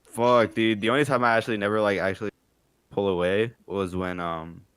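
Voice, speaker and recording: A man's voice: fairly low pitch, fairly even intonation, brisk, a bit bright, smooth, no echo. A young man co-hosting a podcast, telling a long story in a loose, profane, casual way. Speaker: podcast co-host. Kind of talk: casual chat.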